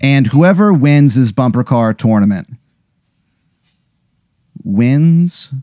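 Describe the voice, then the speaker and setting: A man's voice: mid-range voice, lively intonation, slow pace, dark tone, dry recording, clean studio sound. A man acting as game master, narrating an improvised comedy scene in a rambling, profane, joking way. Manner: rambling, profane, laughing storyteller.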